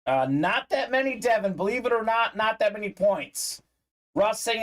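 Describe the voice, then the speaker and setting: A man's voice: high-pitched, normal speed. A man hosting a live sports memorabilia break, chatting upbeat with viewers, reading their comments aloud and peppering his talk with "uh".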